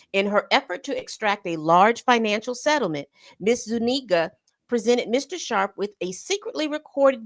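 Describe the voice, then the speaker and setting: Incredulous woman, dry close sound. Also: dry recording. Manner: incredulous, voice jumps high when amused; reads statements aloud with pauses. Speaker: co-host. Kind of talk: casual commentary on a news story. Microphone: streaming setup mic.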